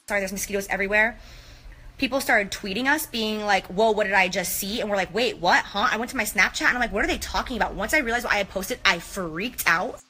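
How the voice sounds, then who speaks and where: A woman's voice: medium pitch, pushed and bright. A woman in an apology clip, rambling and flustered, repeating herself as she talks outdoors. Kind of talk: emotional apology video.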